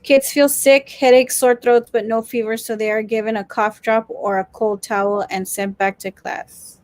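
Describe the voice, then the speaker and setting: Sarcastic high-voiced woman with a South Texas accent. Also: little pitch movement, normal speed, a little mellow, no room sound. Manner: sarcastic, laughs often. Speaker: union co-host reading viewer comments. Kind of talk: casual live-stream chat.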